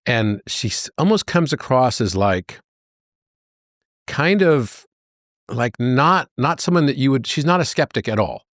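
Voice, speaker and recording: A man as a podcast guest, telling anecdotes in an animated way and jumping into high voices for the characters. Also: unhurried, no room sound, clean studio sound. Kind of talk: conversational storytelling.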